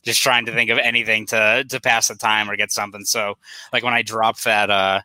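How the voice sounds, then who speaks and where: A man's voice: on the low side, level tone, brisk, pushed and bright, no room sound, rough recording. A young man from South Boston with a Boston accent, a sports reporter chatting casually as a podcast guest, rambling with lots of "like" fillers. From South Boston, USA.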